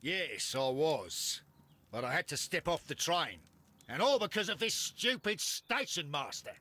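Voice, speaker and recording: Self-important Victorian gentleman inventor, husky, lively pitch, game dialogue. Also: measured pace, exaggerated voice. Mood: aggrieved. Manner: pompous, easily outraged. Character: indignant male Victorian businessman-inventor. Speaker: game character.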